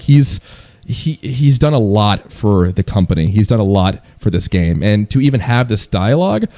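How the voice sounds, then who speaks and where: A man's voice: lowish voice, a little mellow. A young man ranting casually to his viewers as a gaming streamer, profane and repetitive, jumping into mocking voices when he quotes others. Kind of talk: casual rant to camera.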